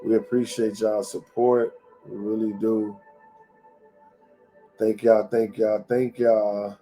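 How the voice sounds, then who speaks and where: A man's voice: lowish voice, little pitch movement, takes it slowly, mellow, soft background music. A man hosting a live-streamed motivational talk. He repeats his lines and speaks straight to the viewers, over and over. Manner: preachy and repetitive, talks straight to viewers.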